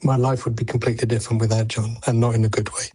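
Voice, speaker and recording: Wry, hesitant caller with a husky voice. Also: male voice, medium pitch, level tone, racing, mellow. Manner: hesitant, wry, self-deprecating.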